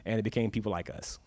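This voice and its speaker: A man, an author at a live bookstore event, telling anecdotes and acting out the quoted dialogue. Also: fairly low pitch. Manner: lively storyteller, acts out quoted dialogue. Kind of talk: storytelling at a live book talk. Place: bookstore stage before an audience.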